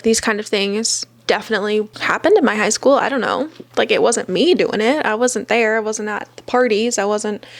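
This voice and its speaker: A woman's voice: medium pitch, dry recording. A young adult woman chatting wryly at home as a book vlogger, reacting to bad reviews with lots of casual fillers.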